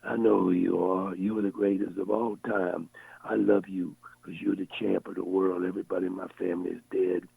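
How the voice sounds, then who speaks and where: Man playing a frail very old man, soft low voice, tinny phone line. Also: flat delivery, brisk, gravelly, husky, dry recording, exaggerated voice. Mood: adoring.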